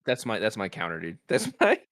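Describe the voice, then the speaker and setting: Animated, profane male podcast ranter. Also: on the low side, brisk. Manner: profane, animated, laughing often. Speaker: podcast co-host. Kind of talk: casual podcast rant.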